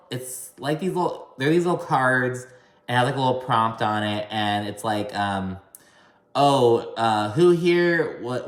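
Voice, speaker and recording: A man giving a casual, gossipy recap of a reality show. He swears a lot and mimics cast members' lines in high, exaggerated voices. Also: reverberant.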